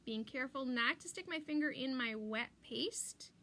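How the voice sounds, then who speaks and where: A woman's voice: high voice, normal speed, pushed and bright. A middle-aged woman hosting a live crafting stream, chatting and rambling while she works and reads viewer comments aloud. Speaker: craft livestream host. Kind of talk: live crafting demo chat.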